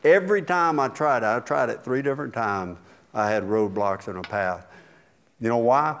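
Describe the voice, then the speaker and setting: A man's voice: medium pitch, moderate pace, fairly bright tone. A man in his sixties, a pastor delivering a sermon with folksy, conversational storytelling.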